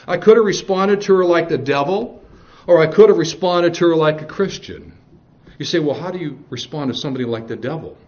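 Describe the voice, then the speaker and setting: A man's voice: fairly high pitch, fairly quick, darkish tone, lo-fi sound. A male pastor preaching a sermon, reading scripture aloud and mixing jokes with stern warnings.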